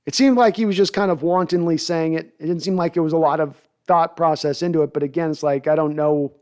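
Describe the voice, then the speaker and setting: A man's voice: a little high, fairly even intonation, fast, darkish tone, clear, resonant tone. A man hosting a podcast, chatting casually as he answers viewer comments and rambles with frequent restarts. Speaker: podcast host.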